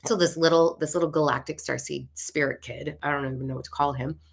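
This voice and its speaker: With a very deep, gravelly voice and a breathy edge, this spiritual content creator speaks quickly. She recounts a personal spiritual story in a casual, animated way, cursing and performing the voices of the people involved.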